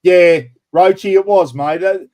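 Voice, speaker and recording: A man with an Australian accent hosting a casual livestream chat and prize draw, matey and quick to laugh. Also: sits high, darkish tone. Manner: chatty, matey, laughs easily. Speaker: livestream host.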